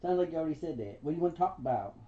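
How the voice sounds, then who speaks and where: Mellow-voiced woman doting on her pet bird. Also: low-pitched, animated, rapid-fire. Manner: doting, coos pet names and laughs softly. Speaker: pet bird owner on a livestream. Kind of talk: casual chat with a pet. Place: indoors at home. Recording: dull lo-fi home livestream audio.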